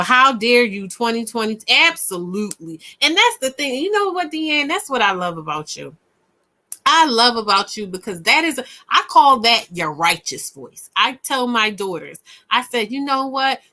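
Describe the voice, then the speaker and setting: Woman, lively sing-song pitch, bright and forceful tone, emphatic repetition, casual ranting chat. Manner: animated, swinging from low mutters to loud high bursts. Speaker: podcast co-host.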